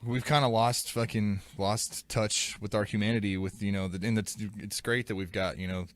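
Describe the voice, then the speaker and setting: A man's voice: fairly low pitch, fairly even intonation, moderate pace. A man, a musician guest on a podcast, talking in a loose, rambling way with lots of fillers and casual swearing. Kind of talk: casual chat.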